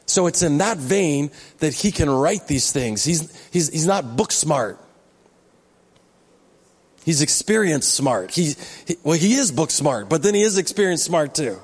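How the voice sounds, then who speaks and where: Joking pastor preaching in an echoing hall. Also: male voice, a little high, expressive, normal speed. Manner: conversational, joking asides to the congregation. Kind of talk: sermon. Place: church sanctuary.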